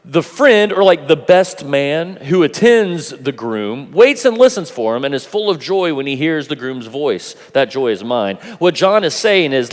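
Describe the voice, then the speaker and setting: A man preaching a sermon at a youth conference, animated and playful, acting out voices as he goes. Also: medium pitch, moderate pace. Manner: animated, acts out quoted voices, laughs often. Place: large conference hall. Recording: long hall reverb.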